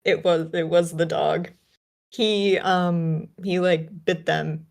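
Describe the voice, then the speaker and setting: A woman's voice: fairly low pitch, fairly even intonation, slow, creaky, a little mellow. A woman co-hosting a podcast from a remote call, chatting casually about a film with lots of fillers and restarts. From United States. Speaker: podcast co-host.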